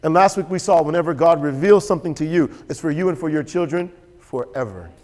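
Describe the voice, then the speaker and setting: A man's voice: a little high, a little fast. Man preaching in a reverberant church. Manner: animated, storytelling with quoted voices and laughter. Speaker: pastor. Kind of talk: sermon. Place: church sanctuary. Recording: church hall with long reverb.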